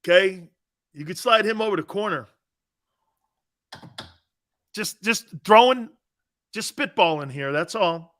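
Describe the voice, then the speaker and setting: A brash sports talk radio host with a high, bright, forceful voice. He argues his points emphatically and laughs off other opinions, peppering his talk with "man" and "dude.". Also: animated, measured pace, pauses often. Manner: argumentative, laughing off callers' views.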